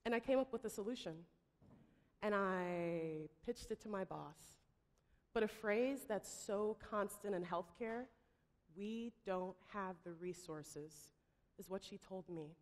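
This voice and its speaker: A woman giving a pitch talk, telling a story dramatically and acting out the voices she quotes. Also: a little slow. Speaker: startup founder pitching. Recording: long hall reverb.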